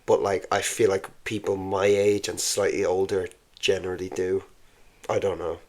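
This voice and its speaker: A man's voice: low-pitched, flat delivery, normal speed. A man, a comedian guest in casual chat who hesitates, trails off and laughs a lot.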